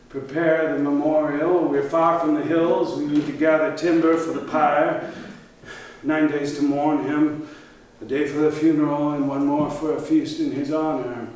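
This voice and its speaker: A man's voice: fairly high pitch, fairly even intonation, a little slow, darkish tone, a little hiss or hum, close to an everyday voice. An actor playing a grieving old king, proud yet humbled, who talks in a pleading way on a theater stage. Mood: weary. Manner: pleading, then raging. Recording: echoey theater, mic far off.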